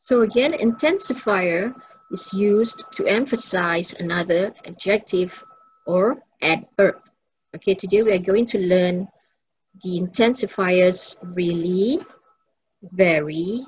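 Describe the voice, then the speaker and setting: A woman's voice: lowish voice, slow pace, slight background noise, poor audio. A woman English teacher, giving a recorded lesson and patiently repeating each example sentence.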